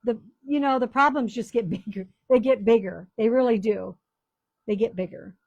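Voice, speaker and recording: A woman's voice: fairly high pitch, normal speed, a little mellow, no room sound, highs cut off. A woman in her sixties chatting casually to viewers while she crafts, rambling through family stories in a talkative, storytelling way. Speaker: craft video host. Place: small-town home.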